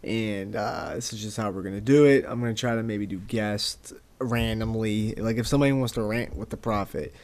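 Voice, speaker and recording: A man's voice: fairly low pitch, steady tone, moderate pace, few pauses, a little mellow. A young man hosting a casual solo podcast, ranting in a rambling, profane way and often repeating words as he goes. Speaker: podcast host.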